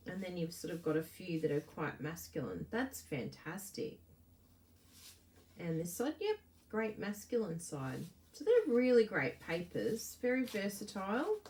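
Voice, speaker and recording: Lively woman demonstrating crafts. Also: on the low side, distant mic, rough recording. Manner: bubbly, gushing, chats to viewers between steps. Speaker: card-making demonstrator. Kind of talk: live craft demo chatting with viewers.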